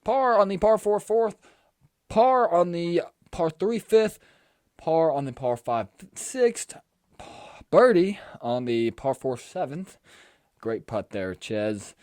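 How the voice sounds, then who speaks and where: A man's voice: on the high side, very animated, darkish tone, no echo, studio quality. Young man rattling off golf scores. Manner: brisk play-by-play recap, slangy. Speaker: sports podcast co-host. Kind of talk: casual sports chat.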